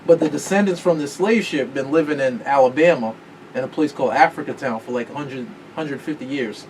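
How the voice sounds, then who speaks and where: A man's voice: medium pitch, brisk, darkish tone. A man hosting a podcast in casual chat, rambling and profane, often stopping to search for words. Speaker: podcast host. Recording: distant mic with faint room noise.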